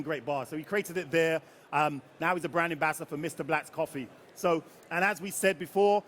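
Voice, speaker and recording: A man with a high, bright-sitting voice runs a live tasting session on stage, quizzing the crowd and cracking jokes. He talks in a loose, chatty way and keeps the audience involved. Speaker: rum ambassador leading a tasting.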